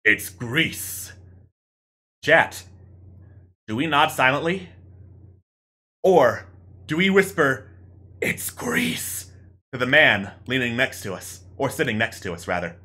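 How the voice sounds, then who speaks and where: Animated, bright-voiced male streamer. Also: mid-range voice, measured pace, long pauses. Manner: animated and mock-dramatic. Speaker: streamer narrating a text adventure. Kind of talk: playful game narration to chat.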